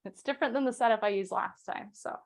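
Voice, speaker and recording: A young woman hosting a casual history talk at a home setup, chatty and quick, with fillers and restarts, reading quotes aloud. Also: medium pitch, gravelly. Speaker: podcast host.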